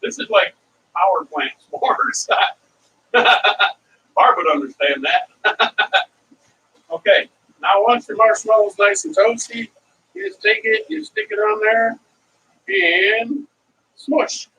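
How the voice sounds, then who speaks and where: A man's voice: high voice, very animated, slow pace, long pauses, sharp tone. Chatty middle-aged man cooking, heard from a distance. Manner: rambling, chatty, wandering off into stories. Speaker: cooking vlog host. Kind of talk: casual cooking demonstration, talking to viewers. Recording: distant mic with faint ambient noise.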